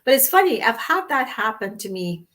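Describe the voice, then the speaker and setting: A woman's voice: on the high side, moderate pace. Chatty Trinidadian woman host. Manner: animated, chatty storyteller who laughs often. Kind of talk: casual chat.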